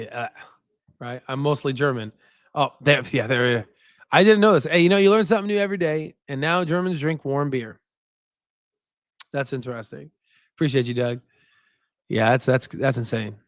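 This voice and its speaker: A man's voice: medium pitch, dry recording, clean studio sound. Chatty man hosting a stock livestream. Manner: rambling, chatty, reacts to viewer comments; repeats "right?" as a filler. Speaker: stock market channel host. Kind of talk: casual livestream commentary.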